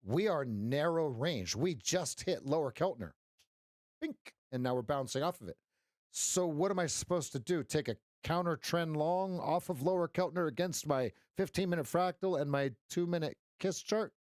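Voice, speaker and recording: A man's voice: on the high side, animated, normal speed, a little mellow, no echo, studio quality. A man giving live trading commentary on a stream, wry and teasing as he talks to his chat.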